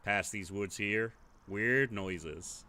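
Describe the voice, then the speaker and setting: A man voicing a weathered old drifter in a game playthrough, speaking in short, slow, folksy lines. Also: lowish voice, bright, forceful tone, slight background noise, heavily acted. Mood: wary. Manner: slow, clipped and terse, folksy.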